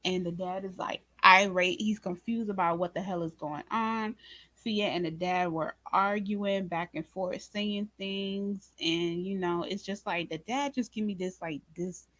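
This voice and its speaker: A woman hosting a casual recap of a drama episode, speaking to viewers in an informal, expressive way and acting out her own reactions. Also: fairly low pitch, a little slow, dry recording. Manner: animated, talks to viewers as "y'all" and "baby"; acts out her own reactions in quoted asides. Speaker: reaction channel host.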